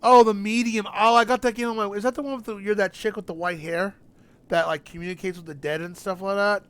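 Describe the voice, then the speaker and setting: A man's voice: high-pitched, steady tone, fast talker, a bit bright, a little hiss or hum. A young man streaming a game, rambling casually and chatting with his viewers. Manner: chatty, rambling, talks to chat. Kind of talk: casual gaming stream chat.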